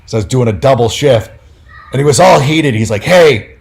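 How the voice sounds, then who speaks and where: A man of middle pitch, talking as a guest on a podcast. He tells long, rambling stories, speaks casually with many fillers, and acts out the voices of the people he quotes. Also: a little fast, creaky, darkish tone. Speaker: podcast guest, fantasy football analyst. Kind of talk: casual storytelling.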